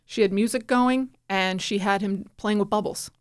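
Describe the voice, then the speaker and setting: Animated woman telling a family story. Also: mid-range voice, moderate pace. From New Jersey. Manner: animated, acts out quoted voices. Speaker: guest. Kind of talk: conversational storytelling.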